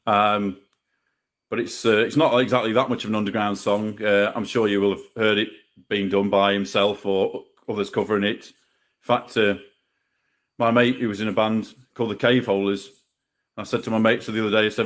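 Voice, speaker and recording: A man's voice: fairly low pitch, flat delivery, moderate pace. A man, tipsy and slurring his words, performing spoken word poetry live, declaiming in rhythm and rambling between poems.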